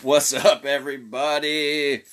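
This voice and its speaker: A man's voice: a little high, little pitch movement, a little slow, a bit bright. A man hosting a podcast, chatting casually in a rambling way with cursing and frequent restarts. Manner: rambling, cursing, self-interrupting. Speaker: podcast host. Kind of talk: casual chat.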